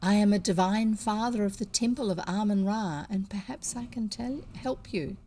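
Young male egyptian priest, courteous, scheming, stern when crossed, gravelly touch, woman reader. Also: medium pitch, normal speed, mellow, slight background noise, close to an everyday voice. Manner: smooth and polite, then stern.

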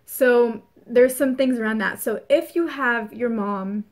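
Earnest chatty woman, fairly high voice. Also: unhurried. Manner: chatty and earnest, repeats phrases for emphasis. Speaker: spiritual reader. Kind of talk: casual spoken astrology forecast.

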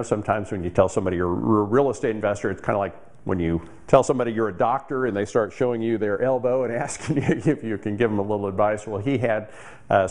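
A man's voice: lowish voice, darkish tone. A man, a real estate investor, telling a casual story to camera with frequent fillers.

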